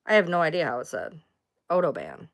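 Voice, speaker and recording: A woman with a lowish, smooth, clear voice chats casually on her livestream. She rambles from one thing to the next, responds to viewers' comments and drops the odd swear word. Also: normal speed, a bit bright. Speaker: livestream host.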